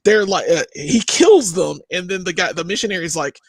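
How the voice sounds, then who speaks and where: A man co-hosting a movie review podcast in casual chat, enthusiastic and quick to chime in. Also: high-pitched, lively intonation, slightly rough, no echo, clean studio sound. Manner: enthusiastic, quick agreeing interjections. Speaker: podcast co-host.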